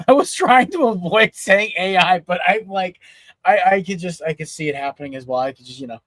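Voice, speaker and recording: A high-voiced man appearing as a guest on a sports podcast, heard dry and close. He rambles and giggles, leaning on filler words as he talks. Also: animated, fairly quick, fairly bright tone, no echo. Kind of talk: casual sports talk.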